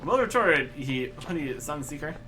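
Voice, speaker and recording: A man voicing a rowdy, boozy middle-aged sailor who rambles cheekily in rough old-salt dialect. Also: on the high side, very animated, unhurried, sharp tone, soft background music, exaggerated voice, rough recording. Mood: boisterous.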